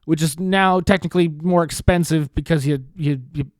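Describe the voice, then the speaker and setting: Recorded with no room sound, this podcast host speaks at normal speed in a voice on the high side. His comedic monologue is a sarcastic, exasperated rant, and he swears often.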